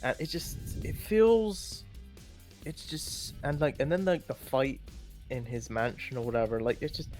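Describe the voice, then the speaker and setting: A man's voice: mid-range voice, a little slow, a little mellow, faint music behind. A man chatting casually and rambling as he ranks films, with many restarts and fillers. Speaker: co-host ranking films. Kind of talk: casual opinionated chat.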